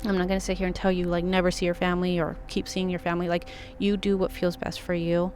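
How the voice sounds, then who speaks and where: A woman's voice: fairly low pitch, level tone, fast talker, a little mellow. A woman talking straight to camera with earnest, encouraging life advice, full of casual fillers, over faint background music. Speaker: intuitive advice vlogger. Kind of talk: casual heartfelt advice monologue.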